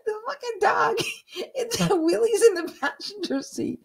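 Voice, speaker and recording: A high-voiced woman vlogging a night ghost hunt, her pitch jumping all over as she tells the story. She swears freely and talks unhurriedly, sometimes dropping to a hushed whisper. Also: slow, vocal fry. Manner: profane, laughing, excitable storytelling. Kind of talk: casual vlog narration.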